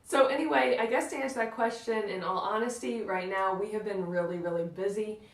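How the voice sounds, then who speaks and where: A woman's voice: mid-range voice, brisk, distant mic. Bubbly young woman in a roomy room. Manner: bubbly, many "like" fillers. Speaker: vlog co-host. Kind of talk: casual chat. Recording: roomy sound from off-mic.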